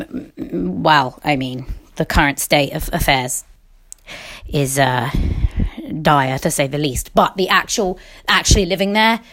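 An English woman hosting a solo podcast, ranting in a rambling, sarcastic way, often cutting herself off and swearing. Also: on the low side. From England. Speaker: podcast host.

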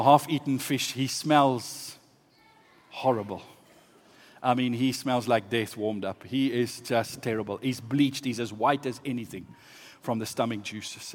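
A man preaching a sermon, telling a story that swings from hushed asides to loud exclamations. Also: mid-range voice. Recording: long hall reverb.

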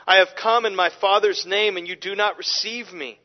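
High-voiced guy preaching verse by verse, emphatic, kinda dull lo-fi audio. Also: normal speed. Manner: animated, emphatic, with frequent restarts. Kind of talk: expository sermon. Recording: dull, lo-fi recording.

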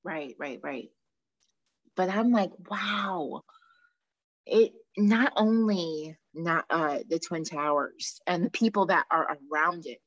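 Emotive woman, low voice. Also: slow. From Long Island, New York. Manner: emotional, animated storytelling with many restarts. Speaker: podcast co-host. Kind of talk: casual podcast chat.

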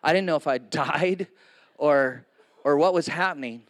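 Delivering a sermon to a live congregation, this man in his sixties jokes around casually and keeps turning to the audience with asides. He speaks at a moderate pace in a slightly high voice.

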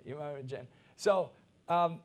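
A middle-aged man from Africa preaching a sermon as pastor, swinging between soft asides and loud, emphatic peaks. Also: on the high side, normal speed.

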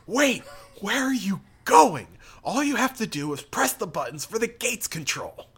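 A composed, scheming priest mutters to himself in a low, whispery hush, as a man reads him out from a comic. The voice is bright and sharp and swoops widely in pitch. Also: very animated, a little slow, husky, full character voice. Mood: urgent. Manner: muttering under his breath, mostly hushed and whispery. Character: composed, scheming middle-aged male priest. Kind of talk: reading comic dialogue aloud.

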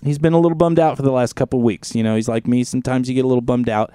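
A man hosting a casual podcast chat, telling a story in an animated, profane way. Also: mid-range voice, very fast, clear, resonant tone, no room sound. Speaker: podcast host.

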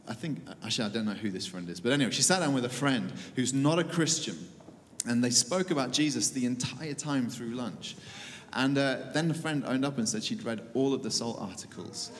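A man leading a church, talking informally to an audience in a casual, halting way full of fillers and dry humor. His mid-pitched voice carries through a large echoing hall. A faint low rumble sits underneath. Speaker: church leader.

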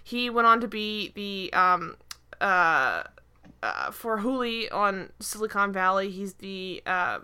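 A woman's voice: medium pitch, lively intonation, slow pace, sharp tone, clear, resonant tone. A woman co-hosting a podcast, chatting casually about a TV episode in a rambling way, full of "like" and restarts. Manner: rambling, heavy use of "like", frequent restarts. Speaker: podcast co-host. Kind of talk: casual chat reviewing a TV episode.

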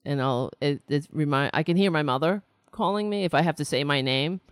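A middle-aged woman hosting a political talk stream, rambling candidly with restarts and wry asides, her voice slightly raspy. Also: low-pitched, brisk, dry recording. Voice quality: raspy, nasal-edged voice she calls a rake on a chalkboard. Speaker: political talk show host. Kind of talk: casual live-stream monologue.

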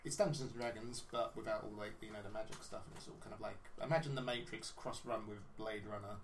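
A man's voice: on the low side, steady tone, quick pace, vocal fry, recorded from a distance, slight background noise. Rambling man chatting on a podcast. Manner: rambling, full of fillers and self-mocking. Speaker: podcast co-host. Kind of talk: casual podcast chat.

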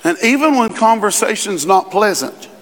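A man preaching a sermon as pastor, in a conversational style with quick asides and rising emphasis. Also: high voice, animated, a bit bright. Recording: long reverb in a large hall.

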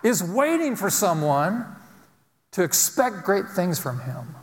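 A man's voice: high-pitched, very animated, slow pace. A man preaching a sermon as pastor, emphatic and repetitive, driving points home with repeated phrases. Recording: long reverb of a large hall.

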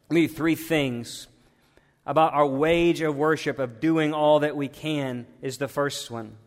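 A man preaching a sermon in a church, swinging from loud urgent appeals to hushed tones. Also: fairly high pitch. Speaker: pastor. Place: church sanctuary. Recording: long hall reverb.

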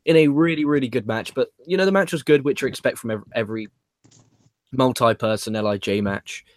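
A quick-talking man chats casually about wrestling. He swears easily and laughs at his own jokes. His voice is close and dry, with no room sound. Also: medium pitch, dry recording. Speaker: podcast host.

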